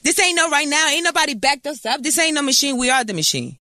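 Brash, fast-talking Puerto Rican woman. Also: high voice, expressive, bright, forceful tone, no echo. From Puerto Rico. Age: 30s. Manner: brash, profane, boastful. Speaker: interview guest. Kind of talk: casual interview chat.

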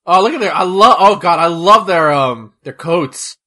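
A man chatting casually while watching old wrestling, excitable and joking, with loud exclamations. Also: sits high, normal speed. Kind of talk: casual chat.

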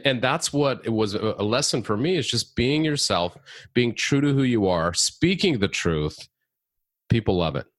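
Man, podcast guest, lively swooping delivery, low voice, dry close sound. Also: no echo. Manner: animated storyteller, laughs often. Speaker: podcast guest, comedy consultant. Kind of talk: casual interview chat.

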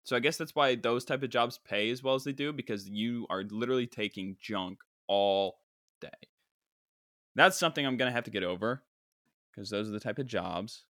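A man's voice: mid-range voice, fairly bright tone, no echo, clean studio sound. A young man hosting a podcast, ranting in a wry, self-mocking way about work and customer service. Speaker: podcast host. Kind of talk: casual monologue.

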